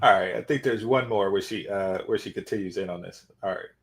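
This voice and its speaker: A man's voice: fairly low pitch, fairly quick. A man hosting a reaction commentary, sarcastic and mocking. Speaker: commentary channel host.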